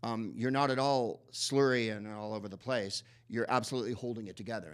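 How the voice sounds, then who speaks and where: A man's voice: lowish voice, a little fast. Rambling, sardonic male host. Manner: rambling, sardonic, full of fillers and restarts. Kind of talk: live comic film introduction. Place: live in a cinema.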